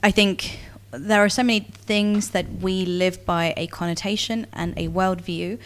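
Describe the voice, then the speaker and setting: A woman who teaches, speaking in a measured, reflective way in conversation. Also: medium pitch, fairly even intonation, a little hiss or hum. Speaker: teacher, team member.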